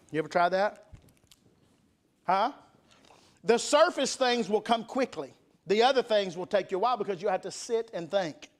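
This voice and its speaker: Preacher guy, pretty high voice, punchy revival sermon in church. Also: animated, normal speed, long pauses. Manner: emphatic, call-and-response preaching. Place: church sanctuary.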